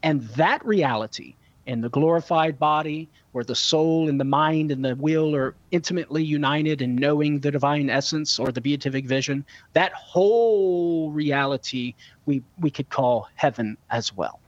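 A man's voice: fairly high pitch, normal speed, hardly any pauses, no room sound, lo-fi sound. A man with children, answering callers' questions on a call-in show in an earnest, teaching manner, repeating words for emphasis. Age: young adult to middle-aged, a father. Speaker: guest theologian answering callers.

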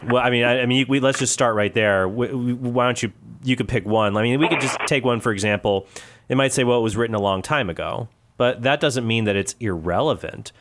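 A man's voice: medium pitch, fairly quick, fairly bright tone, a little hiss or hum. A man talking as a guest on a radio show, thoughtfully answering callers with probing questions. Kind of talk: casual radio talk.

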